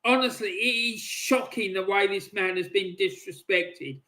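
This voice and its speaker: A man hosting a football channel, ranting angrily and swearing heavily, with loud shouting bursts, off camera at home. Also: sits high, measured pace. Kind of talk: angry ranting monologue.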